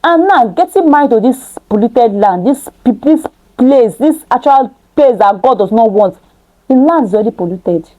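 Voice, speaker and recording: Woman Bible teacher, reads scripture then preaches with emphatic rhetorical questions, warm and slightly high. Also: expressive, moderate pace, rough recording. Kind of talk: scripture reading with preaching commentary.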